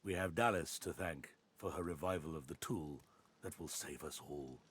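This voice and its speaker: An actor playing a cruel, zealous male high judge in a video game, speaking in a silky, condescending way. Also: normal speed, slight background noise. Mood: menacing.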